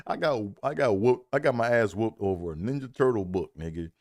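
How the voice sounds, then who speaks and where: A man's voice: fairly low pitch, animated, a little fast, darkish tone. A man from Maryland telling a loose, profane childhood story with lots of fillers and restarts. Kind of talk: casual comedic storytelling.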